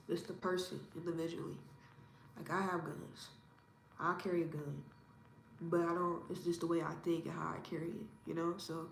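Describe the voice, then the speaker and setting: A woman in her thirties from Indiana, giving her opinions in a casual interview in a calm, measured, self-assured way. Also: lowish voice, a little hiss or hum. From Indiana, USA. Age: 30s. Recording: roomy echo with faint ambience.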